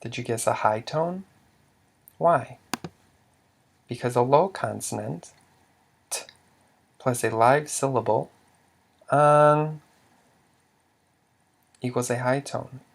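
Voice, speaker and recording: Guy teaching a language lesson real slow, gravelly voice, keeps asking you questions. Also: medium pitch. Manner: patient, quizzing the listener, sounding out example words. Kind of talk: slow instructional explanation.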